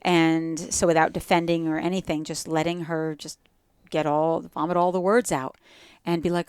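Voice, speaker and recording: An earnest woman with a New Jersey accent talks through ideas on a podcast, piling up short, repeated phrases. Her voice sits a little low. The sound is close and dry, with no room around it. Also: flat delivery, normal speed, hardly any pauses, darkish tone, clean tone, no echo. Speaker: guest yoga teacher. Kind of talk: reflective podcast conversation.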